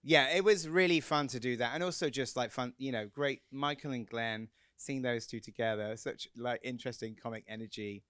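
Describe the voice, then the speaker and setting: An English man, a film director, telling lively anecdotes at a cinema Q&A, quick and laughing. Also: mid-range voice, clear, resonant tone, no room sound. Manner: quick, chatty, laughing storyteller. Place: cinema Q&A on stage.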